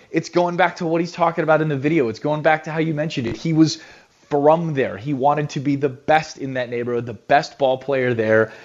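A radio host telling a casual anecdote, an animated storyteller with frequent restarts, heard on a radio clip. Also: male voice, fairly high pitch, dull audio.

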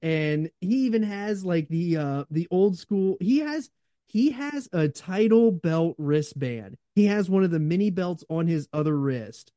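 A man's voice: high voice, lively intonation, a little slow, mellow, no echo. A man co-hosting a wrestling podcast, telling stories with lots of laughter and enthusiasm. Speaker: podcast co-host. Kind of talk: casual chat.

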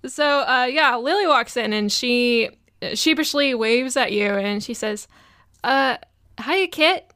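Woman gm narrating a tabletop game, slow and smooth, kinda high. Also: no room sound, clean studio sound. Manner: slow, relaxed narration with fillers. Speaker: game master.

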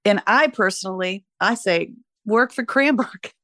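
A retired woman teacher in her sixties, reflecting warmly and emotionally in a conversational interview. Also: medium pitch, measured pace, no room sound, studio quality. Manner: warm, emotional, laughs easily. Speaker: retired teacher, podcast guest.

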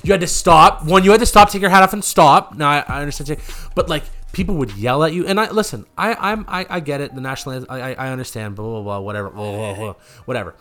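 A man's voice: on the high side, quick pace, sharp tone. A young man, co-hosting a casual podcast chat, rambling and profane and working himself up into rants. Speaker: podcast co-host.

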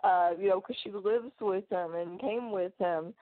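A woman's voice: medium pitch, unhurried, no echo. A woman co-hosting a podcast from home, chatting casually with joking asides. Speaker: podcast co-host. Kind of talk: casual chat. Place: home with hardwood floors. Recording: dry, tinny phone-like line.

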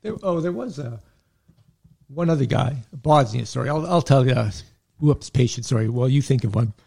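Middle-aged man, veteran medic guest: gravelly, husky, relaxed storyteller who rambles and chuckles. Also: mid-range voice, moderate pace. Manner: laid-back, chuckles often, rambling asides. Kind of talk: casual storytelling.

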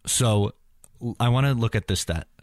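A man's voice: mid-range voice, moderate pace, dry recording, studio quality. A man hosting a hockey podcast in casual chat, steering the talk and citing stats.

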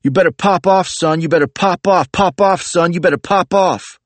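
Guy doing a loud taunting bro, squeaky high yell, keeps repeating himself, dry sound. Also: moderate pace, dry recording, close to an everyday voice. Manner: jeering, repetitive, shouting. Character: rowdy young male bro, taunting.

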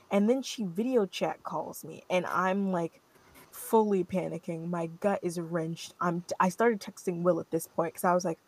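A young adult woman hosting a podcast, telling a story in an animated, rambling way full of fillers. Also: lowish voice, moderate pace, dry recording. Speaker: podcast host. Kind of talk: casual storytelling chat.

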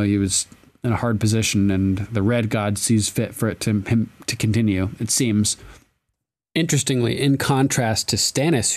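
A man with a slightly low voice co-hosting a podcast. He chats casually and rambles, swearing freely and restarting his sentences. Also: a little mellow. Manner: loose and profane, rambling with restarts. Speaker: podcast co-host. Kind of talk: casual chat.

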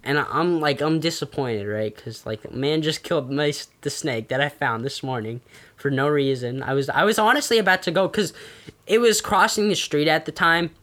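A young man chatting casually, rambling through a story with lots of fillers and animated bursts. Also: fairly high pitch, moderate pace. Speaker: storyteller guest. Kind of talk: casual podcast chat.

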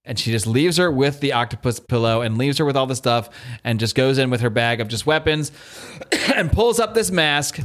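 Male podcast co-host, mid-pitch, casual and animated recap voice. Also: moderate pace. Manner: animated retelling, acts out quotes. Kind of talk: casual comic book discussion.

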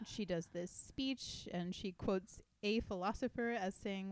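A woman's voice: fairly low pitch, fairly even intonation, normal speed, hardly any pauses, darkish tone, a little hiss or hum. A woman in her thirties co-hosting a podcast, chatting casually and recapping an episode from her notes. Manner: laughing, conversational, recaps from notes. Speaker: podcast co-host. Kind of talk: casual chat.

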